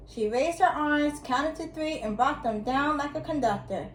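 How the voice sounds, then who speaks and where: A woman narrating a children's story with a high voice and calm, steady delivery. Her voice carries a roomy echo. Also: normal speed, few pauses, a little hiss or hum.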